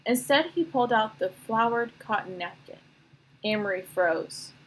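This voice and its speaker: A woman reading a novel aloud in a steady storytelling manner, with a slightly breathy voice. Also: fairly high pitch, moderate pace, rough recording. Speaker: reader.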